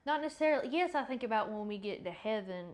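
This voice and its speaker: A woman's voice: on the high side, animated, fast, a little mellow. A woman hosting a faith podcast who chats in a rambling, self-correcting way and sounds a bit congested. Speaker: podcast host. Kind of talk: casual faith chat and Bible reading.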